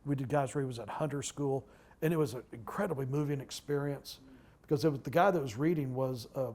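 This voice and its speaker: A man in his sixties, a guest speaker, tells stories at a public talk in a halting way, full of restarts and asides. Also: medium pitch, darkish tone. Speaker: guest speaker, retired library director. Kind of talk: anecdotal storytelling at a public talk.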